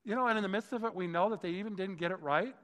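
A man's voice: sits high, rapid-fire, a bit bright. A man preaching a sermon as a pastor, enthusiastic and often exclaiming in wonder. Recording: long reverb of a large hall.

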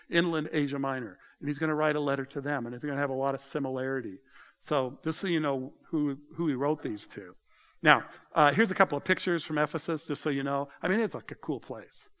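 A man preaching a sermon as pastor, speaking conversationally and addressing the congregation directly. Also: fairly high pitch.

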